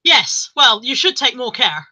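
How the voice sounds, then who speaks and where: A woman voicing a grumpy older woman who scolds people in a shop, indignant and sharp. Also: a little high, sing-song, a little slow, exaggerated voice.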